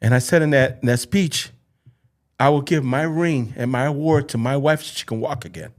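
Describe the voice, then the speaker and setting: An earnest man talks as a podcast guest about his life in football. He speaks in halting bursts and circles back over his own phrases. His voice sits at an ordinary middle pitch for a man. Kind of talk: emotional personal storytelling.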